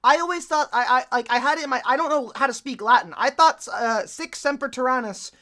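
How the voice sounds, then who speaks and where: A woman live streaming, reacting to a video in casual, excitable chat and swearing freely. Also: high-pitched, fairly quick.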